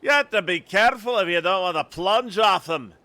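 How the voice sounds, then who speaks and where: Man voicing a wary old Scottish lighthouse keeper for a video game, rough brogue, sharp forceful tone. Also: sits high, lively intonation, brisk, no room sound, pitched above the performer's own voice. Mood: ominous. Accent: put-on Scottish.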